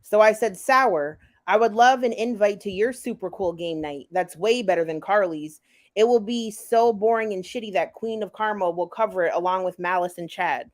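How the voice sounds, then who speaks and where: A woman in a commentary stream reads out chat messages and then fires back at them, indignant and profane. Her voice sits at an ordinary middle pitch. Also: normal speed. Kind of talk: reading chat messages aloud and ranting back.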